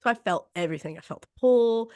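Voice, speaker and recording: A woman's voice: a little high, lively intonation, quick pace, mellow, no room sound. A woman podcast host casually telling a story, acting out quotes and laughing between lines.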